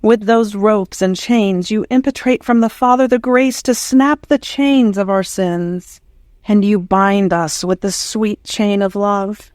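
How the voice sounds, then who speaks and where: Female audiobook reader, devotional prayer text, measured and unhurried, mid pitch. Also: a little mellow, no echo, studio quality. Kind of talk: slow devotional reading.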